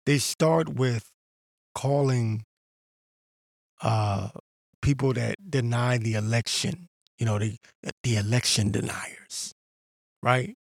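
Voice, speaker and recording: A man's voice: medium pitch, slow pace, creaky, long pauses, dry recording, studio quality. A man hosting a podcast, talking in a ranting, combative way and mocking others in put-on voices. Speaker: podcast host. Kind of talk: casual monologue.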